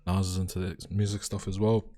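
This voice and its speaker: A man hosting a casual podcast chat, relaxed, joking and slangy. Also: low voice, brisk. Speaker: podcast host.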